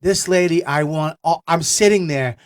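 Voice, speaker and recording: A middle-aged man, a comedian telling stories on a talk show, excitable and swearing a lot. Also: on the high side, moderate pace. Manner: excitable, swears a lot, shouts in quoted outbursts. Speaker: guest comedian. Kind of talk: animated storytelling chat.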